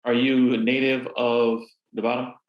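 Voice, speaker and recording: A man's voice: mid-range voice, little pitch movement, lo-fi sound. A man with a Southern accent who hosts a panel, affable and teasing his guests. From Southern California. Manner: affable, teasing, quick with jokes. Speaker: panel host. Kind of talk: moderating a video panel. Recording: roomy echo.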